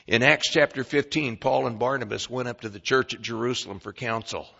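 Bright-voiced preacher, emphatic. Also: male voice, mid-range voice, fairly even intonation, brisk, gravelly. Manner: emphatic preaching, swinging between quiet and loud. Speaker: pastor. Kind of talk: sermon. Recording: dull lo-fi recording.

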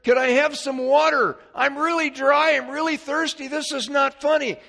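A preacher acting out young Joseph pleading from a pit. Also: male voice, very high-pitched, steady tone, normal speed, creaky, sharp tone, voice pushed up, exaggerated voice. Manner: pleading, plaintive.

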